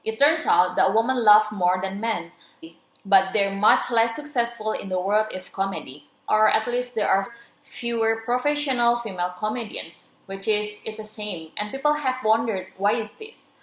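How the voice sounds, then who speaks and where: A young woman reading the part of a friendly male neuroscientist guest, explaining in plain, measured phrases. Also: mid-range voice, natural voice. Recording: roomy echo.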